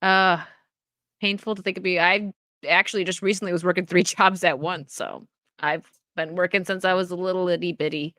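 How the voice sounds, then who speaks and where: A woman's voice: on the low side, steady tone, a little fast, pushed and bright, no room sound, studio quality. A young woman from New York State hosting a casual stream chat, chatty and teasing, laughing often. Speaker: stream host.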